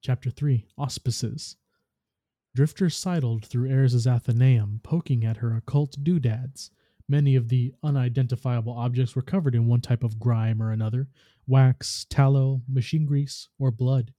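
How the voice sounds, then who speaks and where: A podcast host reads a story aloud in a steady, even way. His voice is very dark and heavy, and the recording is dry and close. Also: mid-range voice, moderate pace, no room sound.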